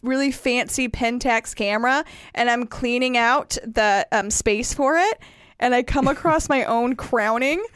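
A woman's voice: on the high side, a little slow, a bit bright, clean tone, dry recording, studio quality. A woman in her thirties telling blunt, crude stories in casual chat.

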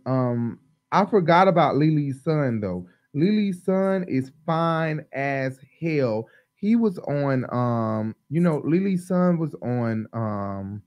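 Loose, rambling, high male live-stream host, dry mic. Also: no room sound, highs cut off. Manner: loose, rambling, many ums and laughs. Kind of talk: casual live-stream chat.

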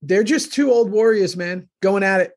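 A man hosting a casual rewatch podcast over a remote call, talking in animated, profane rants. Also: high voice, moderate pace. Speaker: podcast host.

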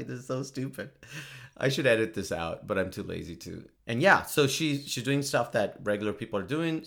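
Lively, joking male vlogger. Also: mid-range voice, vocal fry. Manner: joking, self-mocking, frequent laughs. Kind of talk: casual commentary monologue.

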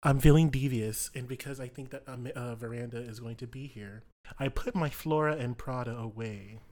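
A man playing in a tabletop game, playful and quick to laugh. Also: mid-range voice, a little mellow. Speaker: player. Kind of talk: casual tabletop role-play.

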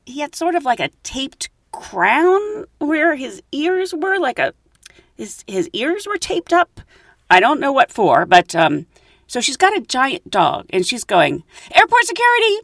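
A chatty woman host tells airline stories with a lively, swooping voice that sits a bit high. She laughs easily between beats. The sound is close and dry. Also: no echo. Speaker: podcast host and flight attendant. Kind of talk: casual anecdotal storytelling.

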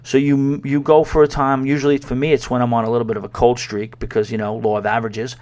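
Male podcast host from New York, middle-pitched, casual rambling storyteller with plenty of fillers. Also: flat delivery, fast, a little mellow. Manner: rambling, conversational, many fillers. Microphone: podcast microphone.

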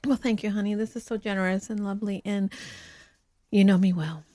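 A woman co-hosting a podcast with her husband, chatting casually, effusive and quick to laugh. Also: mid-range voice, fairly even intonation, mellow, no echo. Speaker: podcast co-host. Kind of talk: casual chat.

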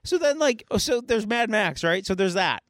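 High-voiced, profane man retelling a movie. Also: normal speed, dry recording, studio quality. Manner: animated, profane storytelling. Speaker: podcast co-host. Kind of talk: casual chat.

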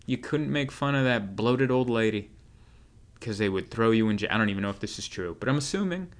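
Man, comedian, rambling wry monologue, lowish pitch, casual storytelling. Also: expressive, brisk. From United States.

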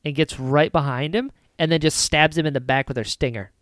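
A woman hosting a podcast, recapping a film in casual chat with lively retellings. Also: deep voice, no echo, clean studio sound. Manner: animated retelling with quick character voices. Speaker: podcast host.

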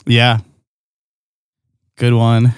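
A man's voice: mid-range voice, completely flat delivery, drawn-out words, clear, resonant tone, no room sound, studio quality. A man co-hosting a podcast, easygoing and often laughing in casual chat during a drinking game. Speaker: podcast co-host.

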